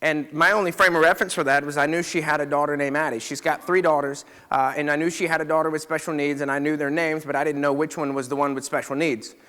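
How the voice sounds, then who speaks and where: A chiropractor tells a story to a live audience, keeping it casual and conversational and often checking in with listeners. His slightly high, a bit bright voice holds fairly even intonation, and he talks fast with hardly any pauses. The hall is reverberant.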